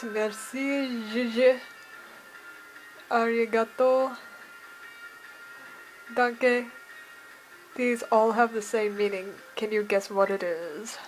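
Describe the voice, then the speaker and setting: A woman's voice: on the high side, low-quality recording. A woman voicing a jovial middle-aged male language teacher, theatrical and dropping foreign words, read aloud from a game. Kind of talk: reading game dialogue aloud.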